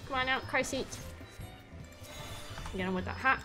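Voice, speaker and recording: A young woman streaming a game, bubbly and excitable, chatting with her viewers while she plays. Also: sits high, moderate pace, music in the background. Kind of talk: casual live-stream game chat.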